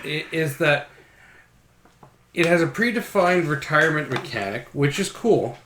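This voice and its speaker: A man with a slightly higher voice, chatting casually as a co-host. He lays out his complaints frankly and conversationally. The sound bounces around an echoey room. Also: expressive, a little slow, background noise. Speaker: board game podcast co-host. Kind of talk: casual chat.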